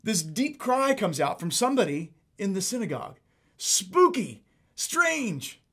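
Emphatic, high-voiced male preacher. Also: a little fast. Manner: emphatic, animated, repeats for emphasis. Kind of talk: sermon teaching.

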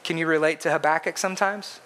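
Earnest bright-voiced male preacher. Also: fairly high pitch, fairly even intonation, quick pace. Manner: earnest, emphatic, repetitive preaching. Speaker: pastor. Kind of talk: sermon.

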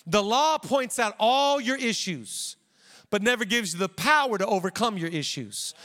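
Male pastor, high voice, energetic preaching, long church-hall reverb. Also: some chatter behind. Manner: animated preaching with quick asides and playful voices. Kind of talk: sermon.

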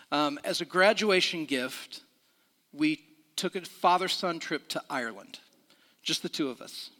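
A man's voice: fairly high pitch, fairly bright tone, in a large hall. A middle-aged man preaching a sermon in a church, talking conversationally with restarts and questions to the room. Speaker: pastor. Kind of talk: sermon with a personal story.

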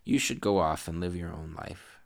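A man voicing a kind wandering hero who speaks gently and earnestly, in a bedtime story. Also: low-pitched, moderate pace, vocal fry. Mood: gentle.

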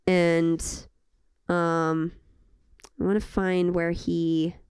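A woman's voice: lowish voice, flat delivery, very slow, darkish tone, clean tone, no echo, studio quality. A woman co-hosting a podcast in casual chat, rambling and restarting as she looks things up. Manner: chatty, rambling, full of fillers and restarts while looking things up. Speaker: podcast co-host.

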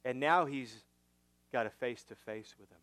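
A male pastor preaching a sermon, teaching through a passage with rhetorical questions, swinging from emphatic to hushed. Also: medium pitch, normal speed, no echo.

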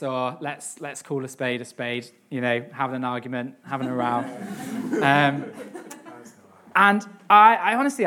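A young man giving a sermon on a psalm, reading scripture earnestly and then talking it through with many pauses, fillers and repeated words. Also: fairly high pitch, fairly bright tone. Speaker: preacher.

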